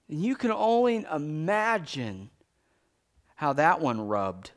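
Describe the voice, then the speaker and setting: In this sermon, a male preacher performs the scripture rather than just reading it. His pitch and loudness swing widely, alternating between rapid, booming lines and slow, hushed King James passages.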